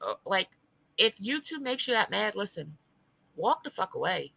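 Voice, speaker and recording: A woman's voice: medium pitch, sing-song, moderate pace, gravelly, pushed and bright, slight background noise, low-quality recording. A woman streamer ranting in blunt, profane, heated commentary to her live chat. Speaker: livestreamer.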